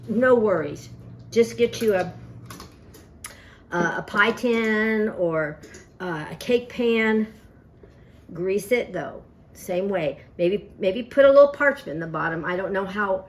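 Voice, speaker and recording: A woman's voice: mid-range voice, lively intonation, takes it slowly, pauses often. Folksy woman hosting a home cooking demo. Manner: chatty, folksy, tells family stories while cooking. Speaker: cooking show host. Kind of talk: casual cooking demonstration.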